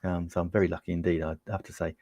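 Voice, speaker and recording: A man's voice: deep voice, little pitch movement, racing, warm tone, dry recording. An English man hosting a livestream, chatting upbeat with viewers and demonstrating a camera, with lots of ums, on a lapel mic in a small home studio. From United Kingdom. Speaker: livestream host demonstrating gear. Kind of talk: casual product demo on a livestream.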